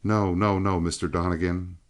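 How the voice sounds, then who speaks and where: A man voicing a spirited, sly young woman in a western audiobook, lifting his voice higher for her lines. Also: level tone, moderate pace, close to an everyday voice. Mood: pleading.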